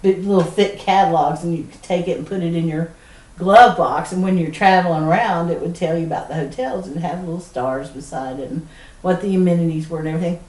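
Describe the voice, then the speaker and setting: A woman's voice: on the low side, brisk. Southern woman telling a laughing story. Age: middle-aged. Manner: animated storyteller, laughs often mid-sentence. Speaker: podcast co-host. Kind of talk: casual storytelling chat. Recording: roomy sound from a distant mic.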